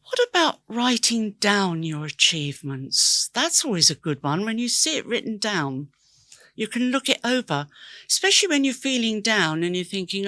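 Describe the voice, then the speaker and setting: A woman's voice: mid-range voice, sing-song, a little slow, bright, forceful tone, no room sound. A woman hosting a podcast, giving an earnest, encouraging self-help talk straight to her listeners. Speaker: podcast host.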